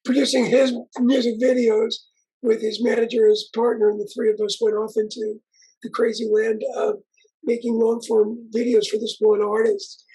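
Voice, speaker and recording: Older male interview guest, strongly raspy voice, rambling storyteller. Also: very high-pitched, flat delivery, normal speed, dark tone, low-quality recording. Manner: rambling, with frequent restarts and asides. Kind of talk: conversational storytelling.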